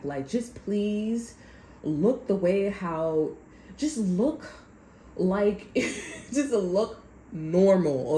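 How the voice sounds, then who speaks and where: A woman's voice: fairly low pitch, warm tone. A woman doing a casual vlog rant as a tarot reader, rambling, swearing and laughing often. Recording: echoey room with faint noise.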